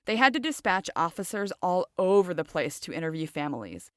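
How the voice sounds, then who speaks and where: A woman's voice: on the low side, big pitch swings, a little fast, dry recording, clean studio sound. A woman hosting a true crime podcast, narrating a case casually with chatty personal asides and questions to her listeners.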